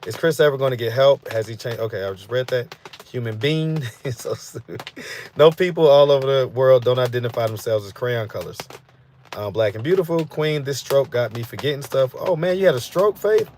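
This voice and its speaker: A man's voice: mid-range voice, a little fast, a little mellow, a little hiss or hum. A man hosting a live stream, chatting casually and reading out viewer comments in a loose, rambling way. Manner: loose and rambling, full of fillers like "you know what I'm saying". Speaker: host of a street interview channel.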